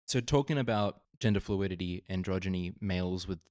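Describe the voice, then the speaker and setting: A man co-hosting a casual music reaction chat, talking in a measured way about sound and production details. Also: low voice, darkish tone, no room sound, clean studio sound. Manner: measured, descriptive, picks apart production details. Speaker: podcast co-host.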